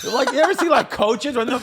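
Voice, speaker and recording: A man in his thirties hosting a podcast in casual chat, telling stories with loud bursts of shouting. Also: very high-pitched, background noise. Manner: animated storyteller, shouts while acting out stories. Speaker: podcast host.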